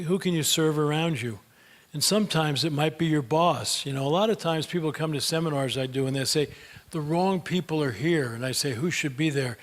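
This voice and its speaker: An older man giving a folksy motivational talk, telling stories with many fillers and answering audience questions. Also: a little high. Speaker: speaker.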